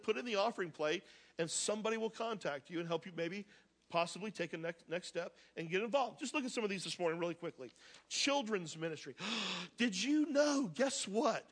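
A male pastor giving a sermon to his congregation, energetic and joking, talking straight to the people in the pews. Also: sits high. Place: church sanctuary with congregation.

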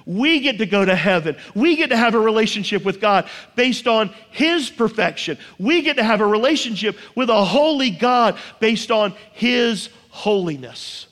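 High-voiced preacher in a reverberant hall. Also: male voice, lively intonation, fairly bright tone. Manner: emphatic, rhetorical questions, drawn-out slow lines. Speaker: pastor. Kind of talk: sermon.

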